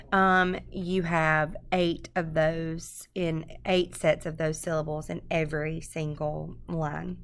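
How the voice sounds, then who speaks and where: Woman presenter, screencast lesson, deep unhurried voice, halting explanations. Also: creaky, a bit bright, slight background noise. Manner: halting, explanatory, many um fillers. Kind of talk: screencast lecture.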